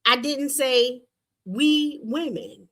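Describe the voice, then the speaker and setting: A woman's voice: sits high, drawn-out words, fairly bright tone. A woman hosting a livestream, arguing with a guest in a sassy, dismissive, mocking way. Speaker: livestream show host. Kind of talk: heated livestream debate.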